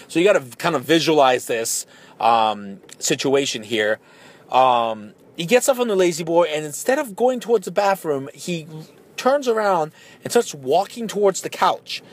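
A man's voice: fairly high pitch, normal speed. A man in his thirties hosting a podcast, telling a casual rambling story with lots of fillers and restarts. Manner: rambling, many fillers and restarts, animated when excited. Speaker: podcast host.

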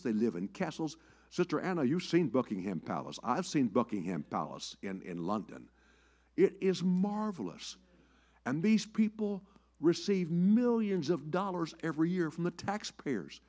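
Animated older man preaching a folksy sermon. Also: on the high side. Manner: folksy storytelling, repeats words, lively rises and drops. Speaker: bishop preaching. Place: church sanctuary.

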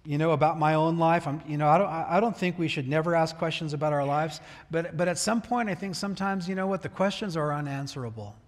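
A man's voice: fairly high pitch, fast, few pauses. A man preaching a conversational sermon as pastor, often stopping to restart a phrase and acting out heartfelt prayers. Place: church sanctuary. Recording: long church hall reverb.

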